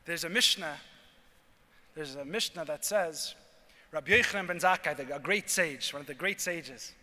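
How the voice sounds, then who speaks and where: A man, a rabbi, giving a talk at a convention and telling a story, acting out the lines of its characters with lively energy. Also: a little high, normal speed. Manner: animated storyteller acting out dialogue. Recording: reverberant hall.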